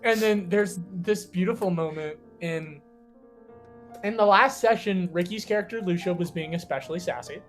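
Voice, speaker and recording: A man's voice: high voice, normal speed, soft background music. Chatty man telling game stories. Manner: animated storyteller with many fillers. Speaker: podcast co-host and tabletop player. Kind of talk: casual chat.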